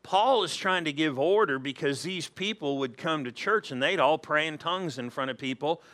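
A man preaching a sermon in church, animated and acting out quoted voices. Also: on the high side, moderate pace. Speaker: pastor.

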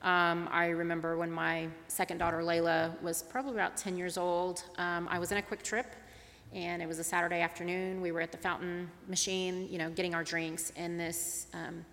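A middle-aged woman gives a talk as an interfaith advocate, telling a personal story. Her voice is bright and clear. She acts out each exchange as she tells it, and her words ring with a long reverb in a large hall. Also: on the low side, moderate pace. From Tulsa, Oklahoma. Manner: animated storyteller, acts out dialogue.

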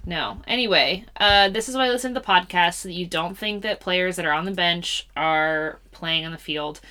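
Bright, jokey young woman podcaster. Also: lowish voice, moderate pace, clear, resonant tone. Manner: playful, jokey, makes sound effects. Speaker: podcast co-host. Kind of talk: casual chat.

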